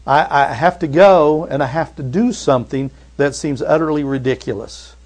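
A man preaching a sermon in a conversational way, retelling scripture and rising to loud emphatic bursts. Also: a little high, moderate pace. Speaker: pastor.

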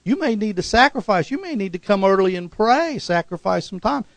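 A preacher, a man, tells stories from the pulpit in a higher-than-usual gravelly voice. He leaps up into loud, excited peaks, acts out the voices of people in his stories and keeps calling out for an amen. The sound is close and dry, with no room echo. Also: a little fast. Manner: calls for "amen" and "hallelujah" response. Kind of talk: sermon with storytelling.

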